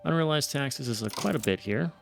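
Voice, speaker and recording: Male gameplay streamer, gravelly voice, casual thinking-aloud commentary, faint background music. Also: mid-range voice, animated, a little fast. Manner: thinking aloud, trailing off, restarts. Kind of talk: casual let's-play commentary.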